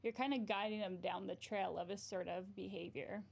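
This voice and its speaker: Gravelly-voiced woman therapist chatting casually. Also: mid-range voice, steady tone, normal speed. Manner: frequent "right?" tag questions, laughs often. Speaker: therapist and livestream host. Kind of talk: casual livestream advice chat.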